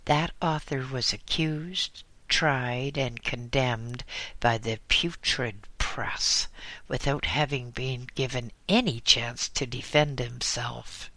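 A man voicing a self-assured young woman typist who lectures her coworkers with scorn, lifting his pitch. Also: slow pace, bright, forceful tone, no room sound. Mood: scornful.

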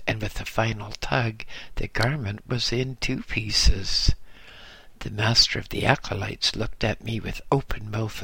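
A man narrating a memoir as an audiobook, in slow, measured storytelling. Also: fairly low pitch, creaky, pushed and bright, slightly rough, dry recording.

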